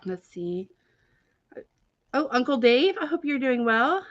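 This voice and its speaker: Woman stream host doing casual storytelling; chatty and animated, with dull, dry lo-fi audio. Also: sits high, slow pace, dry recording. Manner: animated, chatty, with many filler words and frequent laughter.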